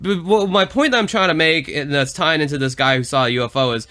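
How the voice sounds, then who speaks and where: A young man co-hosting a podcast, telling stories in animated casual chat with swearing. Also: on the high side, fast. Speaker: podcast co-host.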